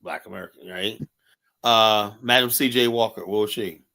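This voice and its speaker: A man with a gravelly, fairly low voice and a sharp tone speaks at a moderate pace, arguing heatedly in a casual live-stream debate. He's combative and keeps asking rhetorical questions like "you know?"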